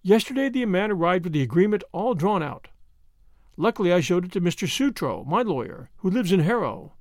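A man's voice: high-pitched, very animated, brisk, no room sound, studio quality. A man voicing a genteel, polite older lady who tells her tale earnestly in an audiobook. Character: genteel, worried elderly widow lady. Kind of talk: audiobook character voice.

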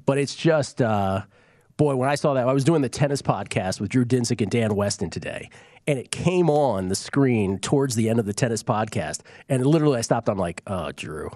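A man hosting a sports betting talk show, chatting casually in an animated, jokey and emphatic way. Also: mid-range voice, fairly quick, no room sound, clean studio sound.

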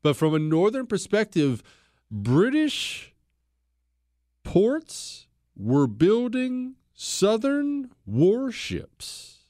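A man's voice: high voice, huge pitch swings, drawn-out words, warm tone, no room sound, studio quality. A man hosting a podcast, telling history in a blunt, opinionated way, mocking people and acting out quotes. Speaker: podcast host.

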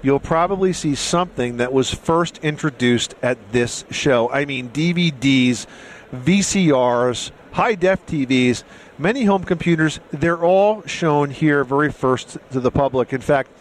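Male radio host, brisk and upbeat, slightly high voice, faint background noise. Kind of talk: radio show hosting.

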